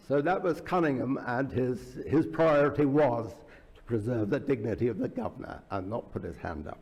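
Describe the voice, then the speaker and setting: A man's voice: medium pitch, animated, moderate pace, darkish tone. A man speaking as an author at a book launch, telling anecdotes in a loose public talk, with many fillers and restarts. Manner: storytelling with frequent fillers and restarts. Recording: reverberant hall.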